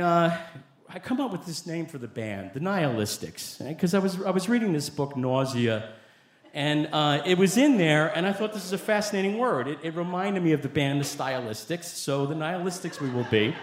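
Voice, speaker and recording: A man from Long Island telling a personal story live on stage, conversational and animated. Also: on the high side, moderate pace, slight background noise. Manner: conversational, animated, with rueful laughs. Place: club stage before an audience. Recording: echoey live venue.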